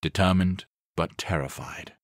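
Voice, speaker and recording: A man narrating an action thriller audiobook in a steady, deliberate way. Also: sits low, no room sound, studio quality. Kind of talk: scripted narration.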